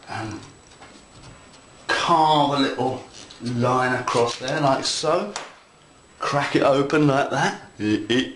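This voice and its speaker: A man's voice: mid-range voice, takes it slowly, long pauses, fairly bright tone. A man giving a casual hands-on model railroad tutorial, chatty, playful and enthusiastic as he talks viewers through his work. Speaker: model railroad hobby instructor. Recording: echoey room with faint noise.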